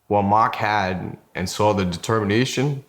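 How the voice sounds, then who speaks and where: A man's voice: on the low side, a little slow. A man speaking about his brother in a documentary interview, close to tears. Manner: emotional, choked up. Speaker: subject's brother.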